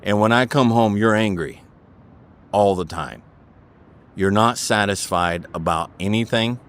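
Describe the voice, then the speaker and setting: A man's voice: fairly low pitch, unhurried, fairly bright tone. A middle-aged man speaking as an interview guest, talking in an earnest and preachy way, repeating his points and asking "okay?".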